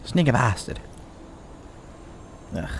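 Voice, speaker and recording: A man's voice: slow pace, slight background noise. A man hosting a let's play, chatting casually as he plays, rambling, swearing now and then, and rolling his R's. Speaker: gaming channel host.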